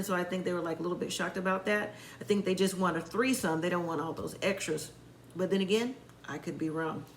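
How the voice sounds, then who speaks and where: A woman's voice: mid-range voice, fairly bright tone, roomy sound, slight background noise, poor audio. A woman giving a casual, opinionated recap of a reality show, acting out what the people said. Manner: chatty, opinionated, acts out quotes.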